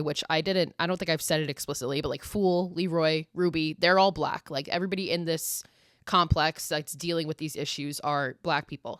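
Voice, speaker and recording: A woman's voice: on the low side, no echo, studio quality. Chatty, swearing young woman podcaster. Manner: profane, chatty, fillers of "like". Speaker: podcast host. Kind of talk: casual movie recap.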